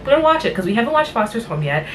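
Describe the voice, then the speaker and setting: This tired woman hosts a vlog reviewing cartoon episodes, rambling through a casual recap in a blunt, chatty way. Her voice sits on the high side, swings widely in pitch, and comes out rapid-fire. The mic is a bit distant, with a faint hiss.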